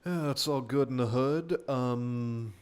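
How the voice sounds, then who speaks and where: A man's voice: mid-range voice, takes it slowly, clear, resonant tone. Laid-back man streaming a strategy game. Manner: laid-back, mumbling, swears casually. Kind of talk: casual gameplay commentary.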